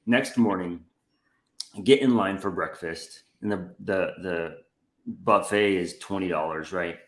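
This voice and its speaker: A young man co-hosting a casual chat, telling a story with lively acted-out quotes. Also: unhurried, roomy sound. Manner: animated storyteller who acts out quotes with a jumpy pitch. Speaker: podcast co-host.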